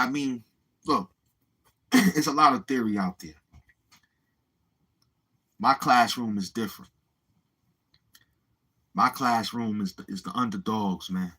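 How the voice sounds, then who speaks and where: Chatting loosely on his livestream, this man swears and rambles while addressing his viewers directly. He has a lowish, slightly bright voice with a breathy edge, and the recording quality is low.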